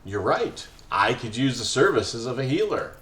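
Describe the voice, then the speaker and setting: A man's voice: mid-range voice, very animated, moderate pace, a bit bright. A man reading a starship captain's lines. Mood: pleading. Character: adult starship captain, the player character. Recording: roomy echo, faint music.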